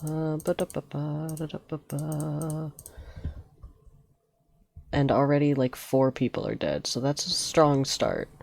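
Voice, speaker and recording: A woman's voice: a bass voice, expressive, normal speed, vocal fry, few pauses, a little mellow. A young woman streaming a game, chatting and telling rambling stories with frequent giggles. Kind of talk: casual gameplay storytelling.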